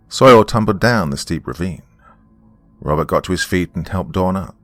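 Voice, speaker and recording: A man with a very deep voice narrates a scripted horror tale in a measured way. His delivery is steady and even. Faint music plays underneath. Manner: measured storytelling.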